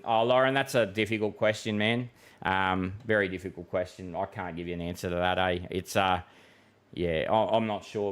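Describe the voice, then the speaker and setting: A man's voice: lowish voice, smooth. A man with an Australian accent, hosting a weather livestream in a casual, matey way and reading out viewer comments. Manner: chatty and matey, with many fillers and restarts. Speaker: weather forecaster and livestream host.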